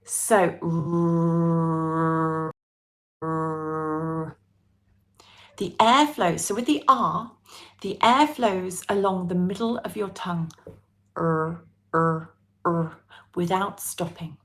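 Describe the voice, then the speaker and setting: A British woman teaches pronunciation in an unhurried, measured voice. She coaxes her students to own up, then drills single sounds over and over with clear, deliberate repetition. Her pitch sits in a middle range. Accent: British English. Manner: lively, coaxing, drills sounds slowly and repeats them. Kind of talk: live online pronunciation lesson.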